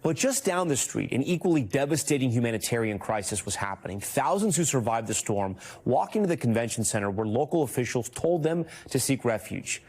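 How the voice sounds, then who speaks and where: Guy anchoring the evening news, earnest, measured, average pitch. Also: lively intonation, a little mellow. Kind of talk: news anchor narration and interview.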